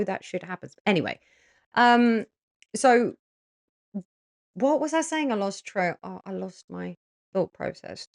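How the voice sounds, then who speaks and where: A woman with a somewhat low voice speaks casually and straight to camera, telling it as it is. She is frank and chatty, swears without hesitation, and keeps checking in with her listeners. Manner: blunt and frank, swears freely; chatty, with frequent fillers and tag questions. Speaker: spiritual practitioner offering spell consultations.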